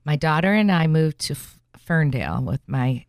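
A middle-aged woman hosts a casual radio interview in a studio, chatty and storytelling with plenty of fillers. Her low voice has lively intonation at a normal speed, recorded dry with clean studio sound.

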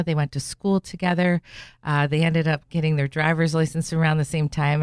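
A woman's voice: deep voice, a little mellow, no room sound, clean studio sound. A middle-aged woman hosting a radio show, chatting and telling stories with lots of fillers. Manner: chatty, storytelling, many fillers. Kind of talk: casual radio interview. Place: radio studio.

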